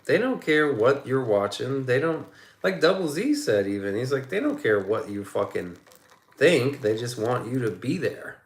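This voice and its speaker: A man's voice: mid-range voice, roomy sound. A man chatting casually on his livestream, swearing a lot and rambling through stories. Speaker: streamer.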